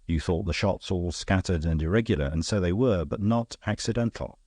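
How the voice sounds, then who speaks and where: Voicing a deep, husky, worldly gentleman detective, a man reads a little fast, the character explaining himself with calm, dry, knowing wryness. The audiobook sound is dry, close and dead, with no room.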